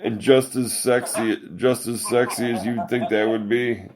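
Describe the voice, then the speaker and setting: A man's voice: medium pitch, steady tone, a little slow, a crowd in the background. A podcast host, a man, rambling through a profane, laugh-filled story in casual chat.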